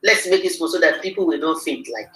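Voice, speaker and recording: A woman hosting a livestream interview, excitable and rallying her audience. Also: sits low, fast talker. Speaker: host. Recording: echoey room, mic far off.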